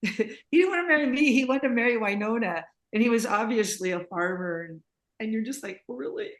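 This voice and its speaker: A woman's voice: a little high, expressive, a little fast. Chatty laughing woman telling stories. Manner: chatty, laughs often, rambling anecdotes. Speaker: interviewee, singer and composer. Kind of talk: casual interview chat.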